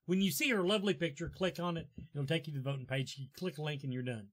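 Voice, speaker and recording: A man's voice: on the high side, fast talker, breathy edge. A male host giving an upbeat on-air announcement, pointing viewers to a vote before handing over. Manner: promotional, upbeat plugging.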